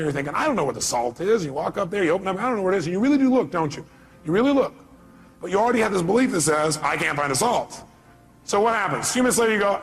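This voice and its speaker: A man giving a motivational seminar talk, telling stories animatedly and acting out voices and shouts. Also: a little high. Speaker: motivational speaker.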